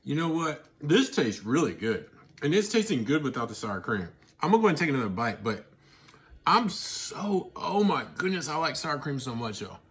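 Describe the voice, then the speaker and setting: A man talking casually to his viewers while he eats, chatty and excitable, with mouthfuls and happy murmurs between his sentences. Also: fairly high pitch, moderate pace. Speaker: vlogger. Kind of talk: casual eating vlog.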